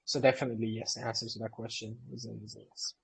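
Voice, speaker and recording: A man's voice: medium pitch, level tone, racing, gravelly, slightly rough, poor audio. A man who co-founded a company, answering community questions in a live Q&A session in an eager, explanatory way.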